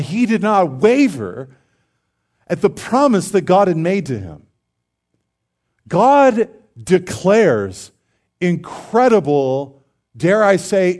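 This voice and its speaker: A male pastor delivering a sermon in a somewhat high voice. He talks earnestly and conversationally, slipping into humorous storytelling with acted-out dialogue. His delivery builds to emphatic, declarative peaks. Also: darkish tone.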